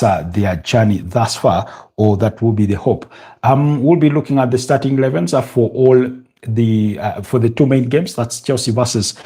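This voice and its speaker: A man's voice: fairly low pitch, husky. A young man with a Ugandan English accent hosting a live football watch-along, chatting with viewers and calling the action, with lots of fillers and restarts. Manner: many fillers and restarts, rising excitement at goals. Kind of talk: live match commentary and chat.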